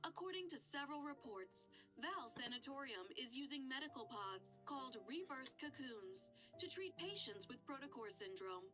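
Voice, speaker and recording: An actress playing an in-game news reporter, delivering reports in a formal, even tone. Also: female voice, high voice, moderate pace, hardly any pauses, over music.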